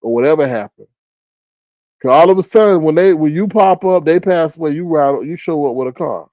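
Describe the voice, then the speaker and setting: A man's voice: a little fast, no echo, dull audio. Sarcastic man ranting on a live stream. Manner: animated, sarcastic, mocking quotes with sudden high squeals. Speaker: live stream commentary host. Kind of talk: casual ranting commentary.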